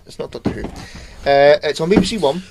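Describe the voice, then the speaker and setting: A man's voice: fairly high pitch, animated, fairly quick, creaky, a little mellow, slight background noise. A man co-hosting a podcast in casual chat, rambling off topic, laughing often and swearing offhandedly. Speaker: podcast co-host.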